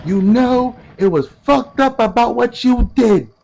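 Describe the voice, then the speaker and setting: A man voicing a woman complaining about an old grudge in a high, slow, whiny voice. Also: vocal fry, darkish tone, full character voice. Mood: aggrieved.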